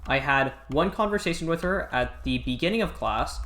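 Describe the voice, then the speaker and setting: A man's voice: a little high, animated, moderate pace, sharp tone. A teenage boy, a student, ranting in an exasperated, sarcastic way while telling a story over gameplay. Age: teens. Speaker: student gamer. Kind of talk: casual rant over gameplay. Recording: echoey room, faint music.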